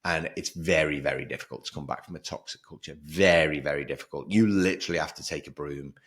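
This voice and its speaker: A man hosting a solo podcast, talking in an energetic, emphatic way and repeating words for stress. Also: very deep voice, quick pace. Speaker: podcast host.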